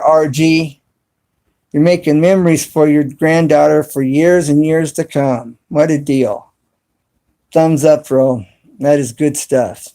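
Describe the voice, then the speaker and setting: A man hosting a casual live stream from his cell phone, talking to viewers in the chat and spelling words out slowly and deliberately. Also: on the high side, dark tone. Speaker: YouTube channel host live streaming.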